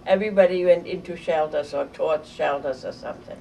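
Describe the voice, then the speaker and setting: Older woman, low voice, halting vivid storytelling, distant mic, faint background hiss. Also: gravelly, dark tone. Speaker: interviewee. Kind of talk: oral history recollection.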